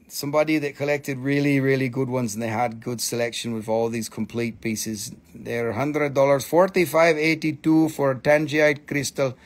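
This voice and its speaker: A man hosting a live crystal sale, excitable and casual, swearing freely in broken grammar. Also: fairly high pitch. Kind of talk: casual live-stream selling.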